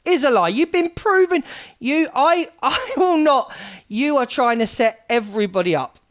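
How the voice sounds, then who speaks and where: A woman hosting a live stream, ranting scathingly at rivals, mocking them and swinging from loud outbursts to low mutters. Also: expressive, normal speed. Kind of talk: heated live-stream rant.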